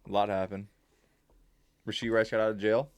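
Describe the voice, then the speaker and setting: A man's voice: lowish voice, level tone, moderate pace, dry recording. A young man co-hosting a casual sports podcast in a laid-back, offhand way, with plenty of fillers. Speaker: podcast co-host.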